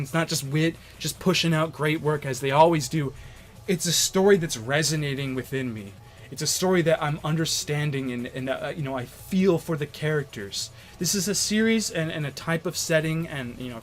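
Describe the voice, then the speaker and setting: A young man giving casual, enthusiastic video commentary as an anime reviewer, rambling with many fillers and restarts. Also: on the high side.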